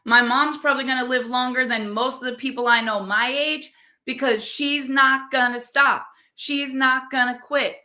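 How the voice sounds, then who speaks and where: Bright-voiced, emphatic motivational woman. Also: high voice, steady tone, normal speed. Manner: emphatic, repeats phrases for punch. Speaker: motivational podcast host. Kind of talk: motivational talk.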